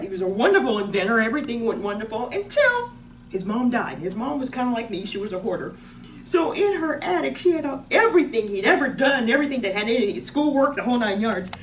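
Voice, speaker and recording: Lady trainer chatting to camera, lively swoopy voice, kinda far off the mic in a roomy space w/ faint hiss. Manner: animated, swings into loud high-pitched voices for quotes. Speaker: fitness and wellness trainer. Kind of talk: casual storytelling to camera. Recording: echoey room from off the mic with faint noise.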